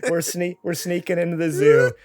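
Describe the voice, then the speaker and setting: A man with a slightly high voice co-hosts a casual gaming podcast. He is recorded dry and close, laughing easily while he spins out silly game ideas. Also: little pitch movement, normal speed, a little mellow, no echo. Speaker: podcast co-host. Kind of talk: casual chat.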